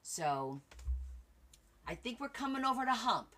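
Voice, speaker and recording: A woman's voice: on the high side, very animated, measured pace, bright, forceful tone. A woman hosting a crafting livestream late in the day, chatting casually with viewers by name and sounding tired. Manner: chatty, addresses viewers by name, trails off and restarts. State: tired at the end of a long day.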